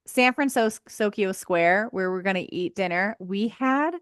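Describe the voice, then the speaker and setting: A woman's voice: medium pitch, a little slow, smooth, no echo, studio quality. A woman co-hosting a podcast in casual chat, telling stories with acted-out quotes. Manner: animated storyteller, acts out quotes, laughs often. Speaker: podcast co-host.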